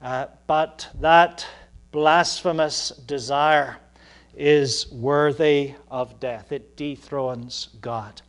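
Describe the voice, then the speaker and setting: Halting, emphatic male preacher. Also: a little high, fairly even intonation, smooth. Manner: halting, many "uh" fillers, rising emphatic moments. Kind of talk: sermon.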